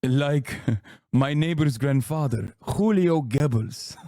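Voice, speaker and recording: A man's voice: a little high, slow pace, mellow, no echo, clean studio sound. A man putting on an indignant mock-Argentinian man. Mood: mock cheerful. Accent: mock Argentinian Spanish accent. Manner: mocking, exaggerated. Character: defensive Argentinian man, Nazi-descended, indignant.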